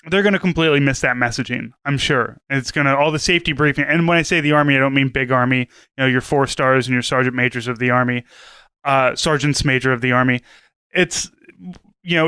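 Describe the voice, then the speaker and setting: Bright, clear-voiced male podcast co-host. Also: medium pitch, no room sound. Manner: rambling, filler-heavy, earnest. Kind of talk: casual podcast chat.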